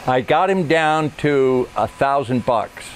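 A man's voice: mid-range voice, animated, slow, slight background noise. Chatty male show host. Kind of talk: casual comedic talk.

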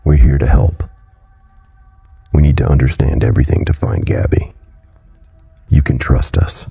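A man voicing a calm, gentle man, Ash, deep and husky. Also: normal speed, dry recording, faint music behind, exaggerated voice.

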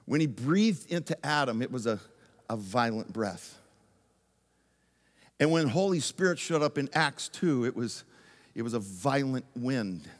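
A man who is a pastor, telling a lively story in a sermon, moving from loud excitement down to hushed intensity. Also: mid-range voice, unhurried, pauses often. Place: church sanctuary. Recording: long church reverb.

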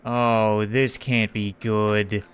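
A man's voice: lowish voice, level tone, extremely slow, a little hiss or hum. A young man commentating a life-simulation game in a casual, sarcastic way, laughing often. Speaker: gaming commentator.

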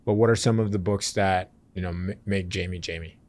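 A man's voice: low voice, fairly even intonation, fairly quick. A man hosting a podcast, asking casual questions and giving short encouraging replies. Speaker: podcast host. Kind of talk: interview questions.

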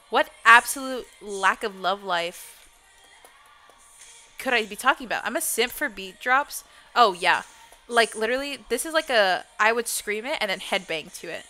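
A woman's voice: mid-range voice, expressive, normal speed, sharp tone, faint music behind. A young woman streaming a game and chatting casually, swearing constantly and playfully. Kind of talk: casual gameplay chat.

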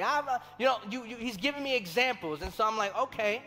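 A young adult man, a pastor preaching a sermon and telling stories from his own life in a conversational, animated way, acting out the voices he quotes. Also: extremely high pitch, fast talker, hardly any pauses. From Colombia. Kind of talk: sermon with personal storytelling. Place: large church hall. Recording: long reverb of a church hall, faint music.

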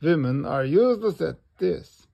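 A gloating male dog stall keeper from a storybook, put on by a man. He talks loudly and smugly in a gravelly, slightly raised voice. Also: fairly high pitch, expressive, unhurried, lo-fi sound, full character voice. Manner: gloating laugh-laden talk.

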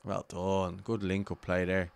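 A man's voice: low-pitched, completely flat delivery, unhurried, creaky, smooth. An Irish man commentating his own football video game match live, anxiously urging his players on.

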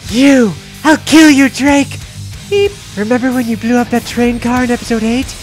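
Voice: medium pitch, animated, fast talker, a little mellow, faint music behind, close to an everyday voice. Someone voicing a sarcastic, vengeful woman adventurer. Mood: furious. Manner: dry, sarcastic and cutting. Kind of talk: comedic fan parody voice acting.

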